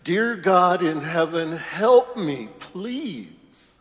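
A man's voice: big pitch swings, a little slow. A man voicing a terrified climber screaming for help. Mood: panicked. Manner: shrill, desperate screaming pleas. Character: terrified man clinging to a cliff branch. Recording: long church reverb.

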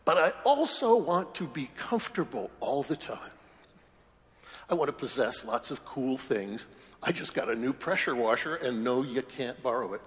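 A man's voice: mid-range voice, big pitch swings, normal speed, a bit bright. A man preaching a sermon as a priest in a church, conversational with wry humorous asides. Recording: long church reverb.

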